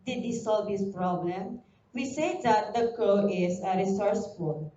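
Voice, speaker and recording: A Filipino woman with a mellow, mid-range voice and a Filipino accent teaches a recorded lesson to young pupils. She speaks slowly and deliberately, spelling words out letter by letter. The sound is dull and roomy with slight hiss or hum, and she's a bit far from the mic.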